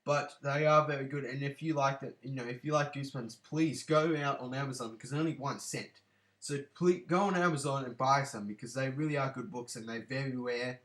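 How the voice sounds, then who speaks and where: A man chats casually to his viewers, rambling along with lots of fillers and repeated apologies. His voice sits at a middling pitch. The recording bounces around an echoey room. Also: fairly even intonation, brisk, a bit bright. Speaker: book collection vlogger. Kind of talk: casual vlog.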